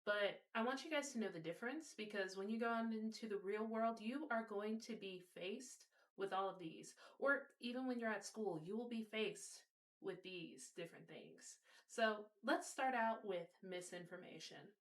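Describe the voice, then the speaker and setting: A woman's voice: mid-range voice, moderate pace. A woman hosting a video, casually explaining a topic and telling a story, speaking directly to her viewers. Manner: warm direct address to viewers.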